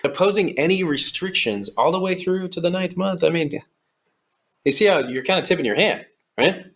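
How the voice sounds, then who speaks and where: Sly Satan. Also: male voice, high-pitched, expressive, moderate pace, fairly bright tone. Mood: sly coaxing. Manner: sly, coaxing, mocking. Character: Satan, scheming male devil coaching political allies. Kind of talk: comedy sketch acting.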